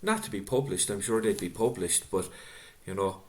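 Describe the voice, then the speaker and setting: A middle-aged man interviewing an author and reading out audience questions, speaking in an unhurried, reflective way over a video call. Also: on the low side, darkish tone. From Ireland. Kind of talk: casual book-event conversation.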